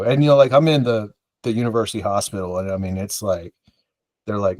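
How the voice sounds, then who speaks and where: A man's voice: lowish voice, brisk, dry recording. A man from the American South, a podcast co-host, telling a rambling, self-mocking story in casual chat and acting out the dialogue.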